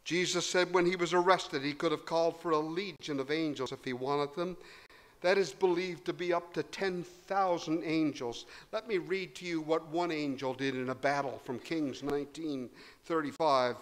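A man preaching a sermon, swinging between loud emphasis and hushed low tones. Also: fairly even intonation, moderate pace. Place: church hall. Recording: long hall reverb.

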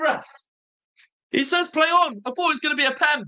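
A young man hosting a live football watch-along, nervous and excitable, groaning low one moment and shouting with joy the next. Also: a little fast. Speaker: fan watch-along host.

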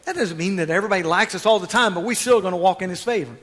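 A man preaching a sermon as pastor, swinging from quiet asides to loud, fervent exhortation. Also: high voice, rapid-fire, in a large hall.

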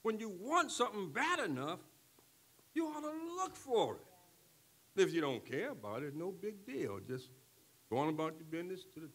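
An older man preaching a sermon, who keeps checking in with the congregation and moves from quiet talk to shouting. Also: on the high side, breathy edge. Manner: call-and-response preaching, swings from soft talk to shouting. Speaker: pastor.

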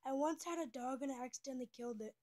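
A young girl who says she's twelve chats casually on a call, giggling a lot and jumping from topic to topic. Her voice is high and warm, and she talks very fast.

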